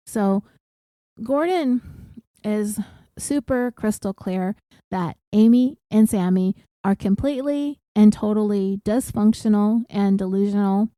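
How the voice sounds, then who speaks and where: A woman's voice: medium pitch, dark tone, dry recording. A woman podcast host casually retelling a TV episode with blunt, profane commentary.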